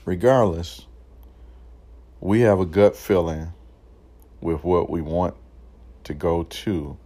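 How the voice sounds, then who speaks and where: A man with a very low, dark, mellow voice talks in an unhurried, reflective way. He rambles, circling back with fillers and restarts as he encourages the listener. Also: fairly even intonation, husky. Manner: encouraging, motivational. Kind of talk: casual reflective monologue.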